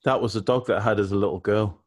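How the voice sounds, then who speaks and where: A man's voice: on the low side, fairly even intonation, fast talker. A man co-hosting a podcast, telling a rambling, cheeky comic story and laughing at his own jokes. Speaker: podcast co-host.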